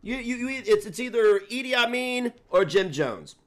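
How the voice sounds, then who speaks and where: A man streaming live, joking and mocking loudly in casual banter. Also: very high-pitched, moderate pace, background noise. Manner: loud, mocking, animated banter. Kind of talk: casual livestream chat.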